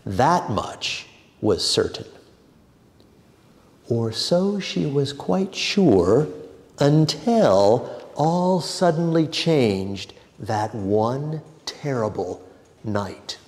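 A man teaching a church adult education class, reading a story with measured, dramatic pauses. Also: medium pitch, animated, darkish tone, long reverb tail.

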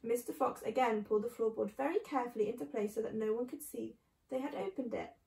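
A woman reading a children's book aloud in a clear, steady storytelling manner. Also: a little high, fast talker, recorded from a distance. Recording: echoey room.

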